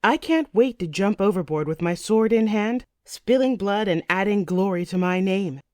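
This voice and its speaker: A woman's voice: medium pitch, lively intonation, normal speed, darkish tone, dry recording, clean studio sound. A woman narrating a first-person fantasy audiobook with intense, vivid storytelling.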